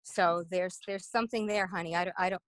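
Woman participant, halting, fillers, dry close sound, video call. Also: lowish voice, steady tone, a bit bright, no room sound. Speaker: participant sharing. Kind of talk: casual share in a group call.

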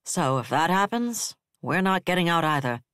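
A man doing a flat, bitter defense chief. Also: fairly high pitch, moderate pace, smooth, dry recording, studio quality. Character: bitter, level-headed older male defense director.

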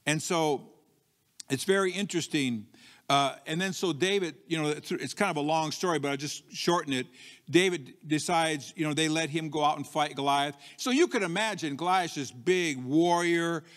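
A man preaching from the pulpit with a slightly high voice, his words trailing into the long reverb of a church hall. He talks like a storyteller, circling back and restarting, then jumps up in pitch to act out bold, defiant lines. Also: moderate pace, fairly bright tone. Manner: frequent restarts and "you know" asides, conversational. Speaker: pastor. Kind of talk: sermon. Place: church sanctuary.

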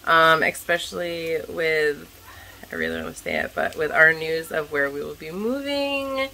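A woman with a scratchy, hoarse voice chatting casually in a vlog, telling a story in an animated way while cooking at home. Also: sits low, unhurried. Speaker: vlogger, stay-at-home mom.

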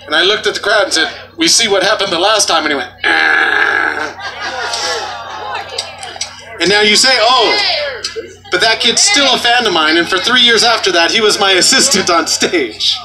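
A man performing as a street juggler, bantering and joking loudly with an outdoor festival crowd. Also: high-pitched, fairly quick. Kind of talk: comedic stage patter.

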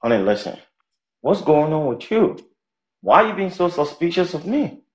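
Playing a married man dodging his wife and his mistress, this Liberian English-accented actor sounds defensive and pleading. His voice is a little high and a little mellow, with a sing-song lilt at normal speed, recorded in an echoey room.

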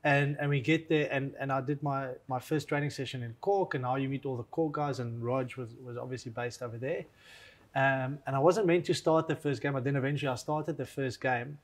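A man's voice: medium pitch, fairly even intonation, fairly quick. A man from South Africa co-hosting a casual interview, who asks questions eagerly and often repeats words as he gets going. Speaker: co-host, former rugby player.

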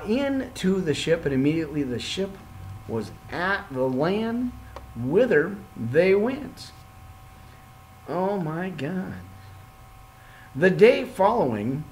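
A man leading an informal Bible study podcast, reading scripture aloud and breaking off into excitable, jokey asides. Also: a little high, slight background noise, rough recording. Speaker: podcast preacher.

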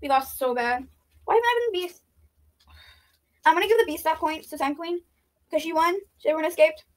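A woman giving excitable, chatty gameplay commentary, thinking aloud and pleading loudly when things go wrong. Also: very high voice, brisk. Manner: thinks aloud, with frequent "let's see" and "I don't understand". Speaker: YouTuber playing an online game.

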